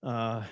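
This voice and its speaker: On a muffled recording without echo, a male podcast host rambles casually about shows he's reviewing, offering strong opinions and repeating himself along the way.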